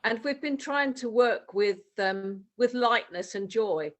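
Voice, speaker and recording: A woman from the UK tells the group a personal story over a video call, pausing often with fillers as she goes. Her voice sits a little higher than usual. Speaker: participant.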